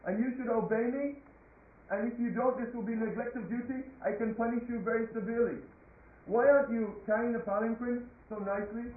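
A man voicing a proud, quick-tempered king who scolds and mocks his servant loudly, in a told story. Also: sits high, fairly even intonation, natural voice. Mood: angry. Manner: loud, scolding and mocking. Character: proud angry sarcastic king, grown man. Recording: tinny phone-like line, echoey room.

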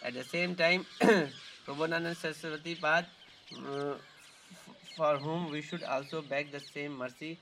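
A man's voice: a little high, steady tone, unhurried, sharp tone, a little hiss or hum. A man giving an earnest devotional talk as a guide at pilgrimage sites, often repeating himself and searching for words. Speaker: spiritual tour guide.

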